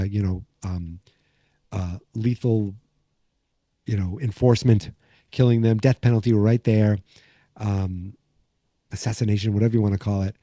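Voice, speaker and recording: A man's voice: on the low side, dark tone, dry recording, clean studio sound. A man hosting a podcast, recapping an episode in a loose, casual way, full of fillers and restarts. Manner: rambling, many fillers and restarts. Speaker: podcast host.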